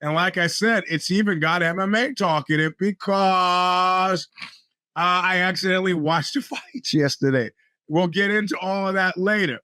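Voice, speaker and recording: A man's voice: high voice, moderate pace, bright, forceful tone, clean tone, dry recording. A man hosting his podcast in casual, rambling talk with wry, profane asides, his speech a bit off from a bitten tongue. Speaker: podcast host.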